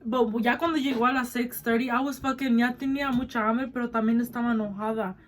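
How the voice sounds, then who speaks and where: A woman's voice: on the high side, steady tone, quick pace, slight background noise, low-quality recording. A nineteen-year-old woman vlogger telling a story in casual chat, blunt and swearing a lot, switching between English and Spanish mid-sentence.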